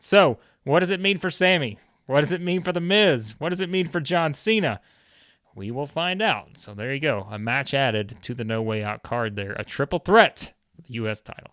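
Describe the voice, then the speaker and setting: Man, gaming host, casual commentary, chatty recap, smooth voice, dry sound. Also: medium pitch, fairly bright tone, no room sound. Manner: chatty recap with frequent fillers.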